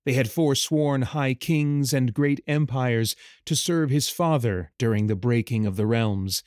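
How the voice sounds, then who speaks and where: A man narrates a fantasy story with a measured, even delivery. His pace is very unhurried and his pitch sits in the middle. The sound is close and dry, with no room behind it. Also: dry recording. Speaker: audiobook narrator.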